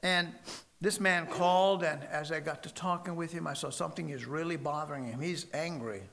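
Man, preacher, sermon, emphatic storytelling, bright sharp tone. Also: fairly high pitch, normal speed, gravelly. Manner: emphatic storytelling with sudden loud stresses and soft drops.

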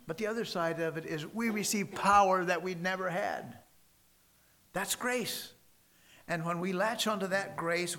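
A man preaching a sermon and telling stories emphatically, with sudden loud stresses and soft drops. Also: high-pitched.

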